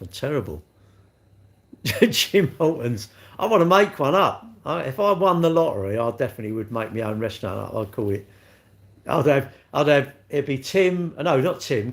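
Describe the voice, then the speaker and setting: A man's voice: medium pitch, vocal fry. A man, hosting a casual livestream, rambling and joking at himself as he answers viewers' comments and laughs often. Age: 60s. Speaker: livestream host.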